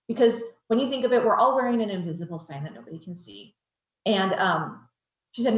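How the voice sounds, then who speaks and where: A woman trainer telling a true story in an earnest, gentle presentation voice. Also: on the low side, a little fast. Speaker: child advocacy trainer. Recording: roomy echo.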